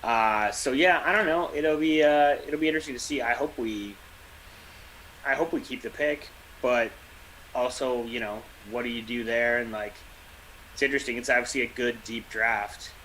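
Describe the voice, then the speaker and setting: Bright-voiced, opinionated fan talking shop. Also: male voice, medium pitch, normal speed, slight background noise, low-quality recording. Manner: opinionated fan, ranting with a laugh. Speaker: podcast co-host. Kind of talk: casual sports chat.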